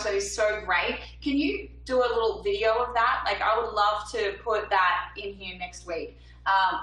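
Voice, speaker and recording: A woman's voice: mid-range voice, bright, forceful tone, reverberant, distant mic, slight background noise, rough recording. A young woman, a singer-songwriter, chatting casually with viewers on a livestream from her apartment and reading out their comments. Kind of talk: casual livestream chat between songs.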